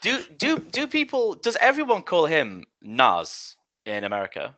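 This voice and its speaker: A man's voice: fairly high pitch, wildly swooping pitch, a little slow, pushed and bright. A man with an English accent chatting casually on a podcast, talkative and often second-guessing himself. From England. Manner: chatty, self-questioning. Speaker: podcast cohost. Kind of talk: casual chat.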